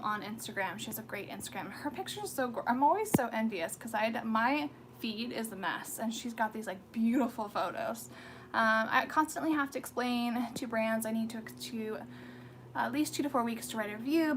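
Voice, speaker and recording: A woman's voice: on the high side, a bit bright, slight background noise. Chatty, rambling woman on a home livestream. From United States. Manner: chatty, rambling with many fillers and restarts. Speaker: skincare livestream host. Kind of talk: casual livestream chat. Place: home room with pets.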